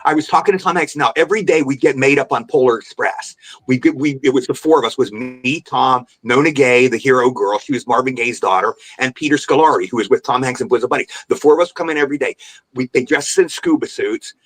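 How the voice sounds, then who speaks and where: This guest actor is an older man speaking quickly in a mid-range voice during a remote podcast interview. Spinning story after story with animation, he jumps into character voices for quotes.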